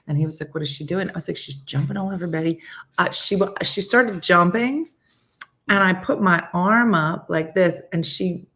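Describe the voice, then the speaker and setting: Woman host, low voice, casual storyteller who acts out the quotes. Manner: rambling, animated storytelling with acted-out quotes. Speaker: morning show host.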